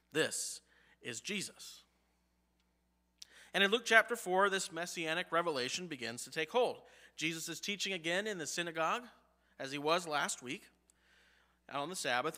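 Guy pastor giving a sermon, punchy and emphatic, kinda bright voice, long church echo. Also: a little high. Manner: emphatic, with rhetorical questions to the congregation. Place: church sanctuary.

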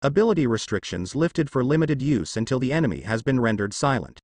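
A man narrating a fan fiction tale with dramatic storytelling. His pitch moves in lively swings. The recording is close and dry. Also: fairly quick, no room sound.

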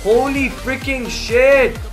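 Excitable young man with a high voice. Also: slow, soft background music. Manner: excitable, yells at the game, says "bro" and "man" a lot. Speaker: gaming YouTuber. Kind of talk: casual gameplay commentary.

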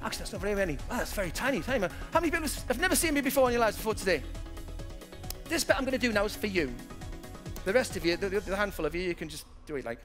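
A motivational keynote speaker in his 50s has a very high voice and a brisk, animated storytelling style, with faint music underneath. Addressing a live audience, he tells lively stories and acts out the people he quotes.

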